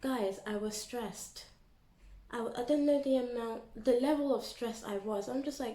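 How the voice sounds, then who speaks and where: A young woman chatting casually to her vlog audience in an animated, storytelling way. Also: a little high, measured pace. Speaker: YouTuber. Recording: echoey room.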